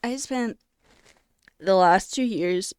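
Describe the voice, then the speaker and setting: A young woman speaks on a live stream in a candid, emotional way, pausing often and filling gaps with casual fillers. Her voice is smooth and clear, mid-pitched, and sits close and dry on a desk mic. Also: darkish tone, no echo.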